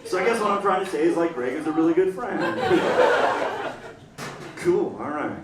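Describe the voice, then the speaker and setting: A young man doing a stand-up comedy set, animated, acting out voices and yelling punchlines. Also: sits high, a little slow, heavy background noise. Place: comedy club stage. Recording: roomy club sound from a distance. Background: audience laughter.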